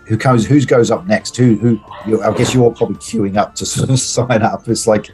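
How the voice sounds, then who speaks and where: A man narrating as game master of a tabletop game, halting with restarts. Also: on the low side, fairly even intonation, music in the background. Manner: halting, many fillers and restarts.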